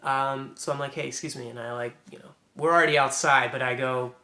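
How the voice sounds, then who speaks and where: A man's voice: mid-range voice, fairly even intonation, a little fast, sharp tone. A young man telling a personal story to camera, rambling and reflective with frequent restarts. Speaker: vlogger. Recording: echoey room.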